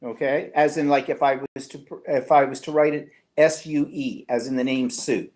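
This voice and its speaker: Man, live-stream co-host, chatty, teasing, mid-pitched voice. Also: steady tone, moderate pace, darkish tone. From Canada. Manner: chatty and teasing, reads viewer comments aloud. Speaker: co-host of a live online show. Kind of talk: casual live-stream chat.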